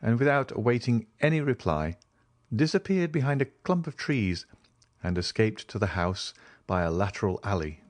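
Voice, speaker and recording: A man narrating a classic novel as an audiobook, reading in an expressive, varied way. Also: on the low side, normal speed, no room sound.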